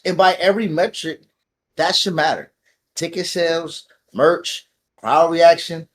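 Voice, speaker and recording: A man's voice: a little high, unhurried, fairly bright tone. A man co-hosting a podcast in casual chat, emphatic and hyped, repeating his catchphrases. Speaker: podcast co-host.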